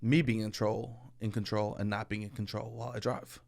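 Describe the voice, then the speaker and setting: A man from Staten Island co-hosting a podcast, chatting casually and animatedly, breaking into loud comic bits. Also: on the low side, level tone, fairly quick, vocal fry. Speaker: podcast co-host. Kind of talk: casual chat.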